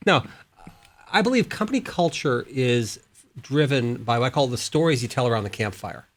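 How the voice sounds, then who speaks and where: A man's voice: medium pitch, expressive, normal speed. A man speaking as a guest on a studio panel, explaining things with a story. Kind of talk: panel discussion.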